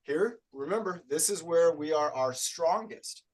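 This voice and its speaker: A man's voice: fairly high pitch, animated, a little slow. A male fitness coach leading a live online group workout, upbeat and encouraging as he counts reps aloud.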